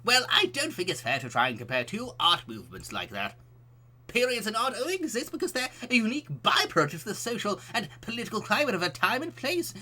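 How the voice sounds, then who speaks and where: A man's voice: high voice, bright, forceful tone, pitched above the performer's own voice, full character voice. A man voicing a pompous middle-aged male art teacher who lectures indignantly.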